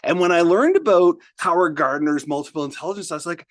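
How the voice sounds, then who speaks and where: A man being interviewed as a guest speaker, telling lively stories with many restarts. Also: fairly high pitch, fast talker. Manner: energetic storyteller, many restarts. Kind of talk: podcast interview.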